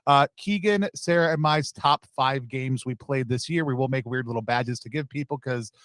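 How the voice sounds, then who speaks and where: A man's voice: medium pitch, normal speed, a bit bright, dry recording. A man co-hosting a casual stream, rambling with many fillers and restarts. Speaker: stream co-host. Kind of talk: casual chat.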